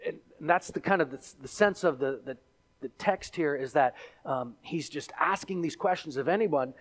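Guy preaching a sermon, slightly high voice, animated storytelling. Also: moderate pace. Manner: animated storytelling, acting out the crowd and characters. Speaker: pastor.

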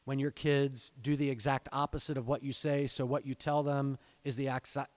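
A man preaching a sermon, reading scripture aloud and explaining it in earnest, exhorting tones, swelling into fervent pleading and then dropping low. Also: little pitch movement, moderate pace. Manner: earnest, exhorting, addresses parents directly. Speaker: pastor.

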